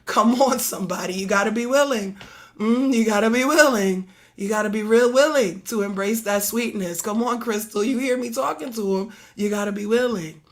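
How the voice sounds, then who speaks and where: Hoarse Harlem woman preaching with fervor. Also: on the high side, moderate pace. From Harlem, New York. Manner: rhythmic, repetitive exhortations, chants and sings prayers. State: slightly hoarse. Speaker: priestess leading prayer. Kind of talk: call-and-response preaching.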